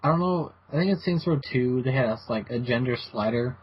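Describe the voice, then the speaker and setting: A man's voice: medium pitch, animated, breathy edge. A man hosting a casual gaming podcast, rambling and restarting his sentences. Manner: rambling, halting, many restarts. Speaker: podcast host. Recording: dull lo-fi podcast audio with faint hiss.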